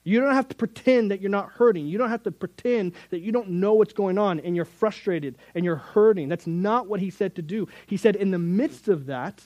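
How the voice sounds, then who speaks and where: A man's voice: sits high, moderate pace, few pauses, darkish tone, dry recording, poor audio. A middle-aged man preaching a sermon as a youth Bible teacher, earnest and conversational, with sudden emphatic rises.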